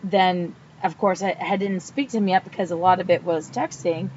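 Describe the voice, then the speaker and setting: A woman's voice: fairly low pitch, steady tone, moderate pace, a little mellow. A woman chatting on a podcast, blunt and candid, acting out every line of her stories. The audio is dull and lo-fi with a faint hiss underneath. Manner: candid storyteller, swears freely, acts out quotes. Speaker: podcast co-host. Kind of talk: casual chat.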